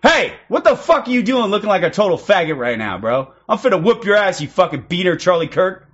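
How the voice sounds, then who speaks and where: A young man streaming in online game voice chat, taunting other players in a loud, abrasive way that often breaks into shouting. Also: high-pitched, very animated, fairly quick, husky, lo-fi sound. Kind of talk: aggressive trolling over game voice chat.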